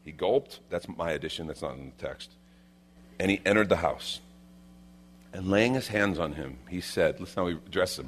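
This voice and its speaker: A male pastor preaching a sermon, emphatic and repeating his key lines, swinging from loud declarations to hushed asides. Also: low voice, expressive, moderate pace, slight background noise.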